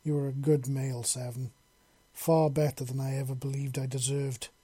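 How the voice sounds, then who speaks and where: A man voicing a soft-spoken scaly lizard woman. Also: mid-range voice, little pitch movement, moderate pace, breathy edge, no echo, close to an everyday voice. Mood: soft, loving. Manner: soft, affectionate purring. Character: scaly horned female lizard warrior, tender.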